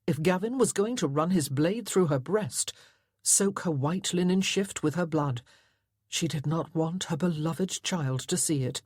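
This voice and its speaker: Woman, audiobook narrator, low voice, husky, dry, dramatic reading. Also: a little slow, darkish tone, dry recording. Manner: dramatic, tense storytelling. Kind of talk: scripted narration.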